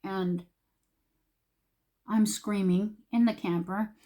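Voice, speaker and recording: A woman's voice: mid-range voice, steady tone, slow, dark tone. A middle-aged woman, chatting animatedly and full of fillers while she does her makeup for a get-ready-with-me video. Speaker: beauty vlogger.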